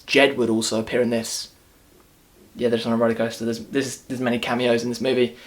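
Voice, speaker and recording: A man rants his way through a movie review in a casual, mocking tone. He rambles, doubles back and restarts his sentences, with a voice of ordinary pitch for a man. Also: little pitch movement, fast talker.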